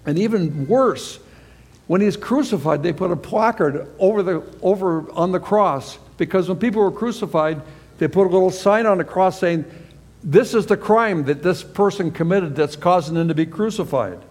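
A man's voice: high-pitched, normal speed, darkish tone, slightly rough. A man giving a sermon as a pastor, earnestly reading scripture aloud and explaining it verse by verse. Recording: long reverb of a large hall.

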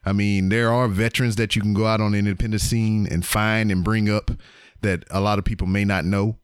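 A man with a low, smooth, resonant voice chatting loosely on a podcast. He rambles through fillers and casual swearing, and the sound is close and dry with no room around it. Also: level tone, brisk, no room sound. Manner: loose and profane, trailing fillers. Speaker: podcast co-host. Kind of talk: casual chat.

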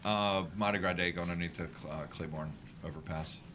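Deep bright-toned man, enthusiastic New guest. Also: steady tone, a little fast, a little hiss or hum. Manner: enthusiastic, easygoing storyteller. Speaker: podcast guest.

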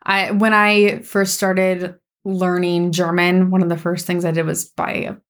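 A young adult woman co-hosting a casual podcast chat, an animated storyteller who laughs often. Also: on the low side, a little slow. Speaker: podcast co-host.

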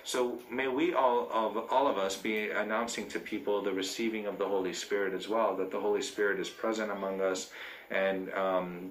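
A man's voice: deep voice, fairly bright tone, roomy sound, a little hiss or hum, low-quality recording. A man, a priest, preaching a sermon in a church, speaking unscripted with fillers and restarts.

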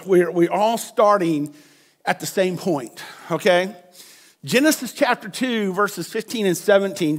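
A man preaching a conversational sermon, checking in with his listeners and often repeating words. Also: high-pitched. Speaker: pastor.

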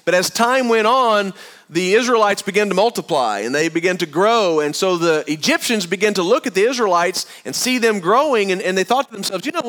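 A man's voice: high voice, fairly bright tone. A man preaching a sermon to a congregation, retelling the story in a chatty, storytelling way and speaking straight to the room.

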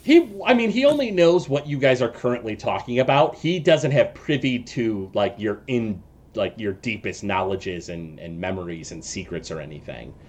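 Low-voiced guy running a tabletop game, lots of uhs, describing scenes. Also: animated, a little mellow. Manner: loose and halting, with many fillers while describing scenes. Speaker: game master.

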